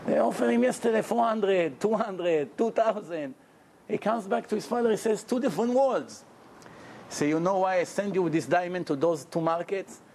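Guy giving a torah talk, high voice, jokey storyteller, bit of hiss behind him. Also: moderate pace, gravelly. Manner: animated, jokey storyteller who acts out characters. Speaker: rabbi giving a Torah lecture. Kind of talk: storytelling sermon.

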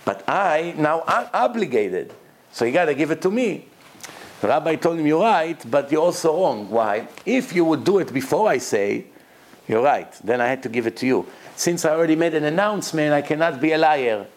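A man's voice: animated, normal speed. Man giving a religious lecture. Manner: storytelling, acts out quoted dialogue with rising pitch.

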